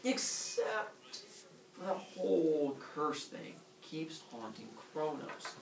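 A man's voice: very slow, vocal fry, background noise. A man teaching a class, telling a myth as a comic story and putting on silly voices for the characters. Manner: animated, puts on squeaky voices for characters. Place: classroom with students. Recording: echoey room, far from mic, students audible.

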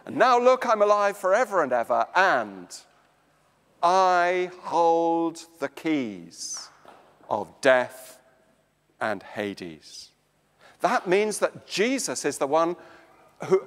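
An English man preaching a slow, emphatic sermon in a church. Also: big-room sound. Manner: slow, emphatic preaching with dramatic swings of pitch and volume.

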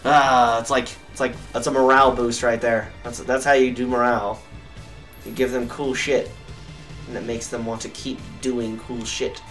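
A young man giving let's play commentary, cursing at enemies and getting excitable. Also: medium pitch, moderate pace. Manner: profane, excitable, yells at enemies. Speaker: gamer. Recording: distant mic with game music behind.

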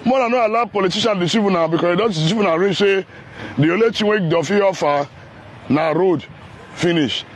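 High-voiced Nigerian man vlogging on foot. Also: a little fast, husky. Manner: chatty, teasing, heated. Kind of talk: casual walking commentary. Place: outdoors on a city road under construction.

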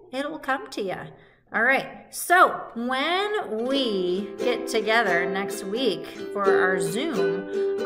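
Cheerful sing-song music teacher woman. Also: a little high. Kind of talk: recorded online music lesson for young children.

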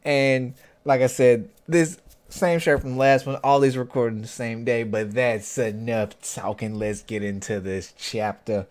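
A man's voice: medium pitch, measured pace, hardly any pauses. A young man hosting a casual reaction video, reading a webcomic aloud and joking about each scene. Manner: animated, jokey, reads comic lines aloud and riffs on them.

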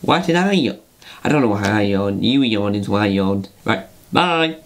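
A man's voice: lowish voice, lively intonation, normal speed. A man voicing a fretful, put-upon puppet host who talks to himself and stumbles over names in a homemade puppet comedy.

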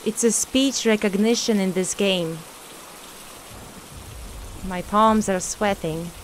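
Woman gamer, slow nervous commentary, faint rain behind. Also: mid-range voice, slight background noise. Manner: talks to the ghost, scared, laughing nervously. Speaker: streamer playing a horror game. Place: at home at her computer.

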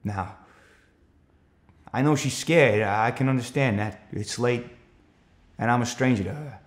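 A man's voice: mid-range voice, a little slow, close to an everyday voice. A man playing an anxious, defensive countryman. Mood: troubled. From Australia. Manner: earnest, rising to urgent shouts when retelling the chase. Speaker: actor performing a stage monologue. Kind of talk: theatrical monologue.

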